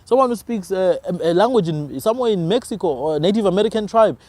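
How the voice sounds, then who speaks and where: Man, slightly high voice, animated and preachy, podcast talker. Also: quick pace, no room sound. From South Africa. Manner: emphatic, preachy, rhetorical questions. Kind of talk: passionate conversational argument.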